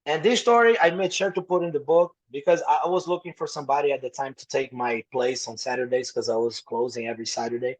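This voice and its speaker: A man's voice: mid-range voice, fast talker, hardly any pauses, poor audio. A young adult man with a Brazilian accent, a native Portuguese speaker, telling stories as a podcast guest, acting out quoted voices and swearing freely. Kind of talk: casual storytelling.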